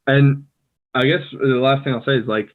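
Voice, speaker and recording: A man's voice: medium pitch, normal speed. American man on a tinny call line. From United States. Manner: relaxed, rambling, many fillers. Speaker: podcast co-host. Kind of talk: casual chat. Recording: tinny phone-like call audio.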